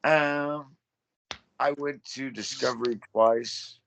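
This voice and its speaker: A man's voice: medium pitch, steady tone, slow pace, gravelly, fairly bright tone, slight background noise. A man in his thirties telling his story as a podcast guest, blunt and full of swearing. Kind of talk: casual interview.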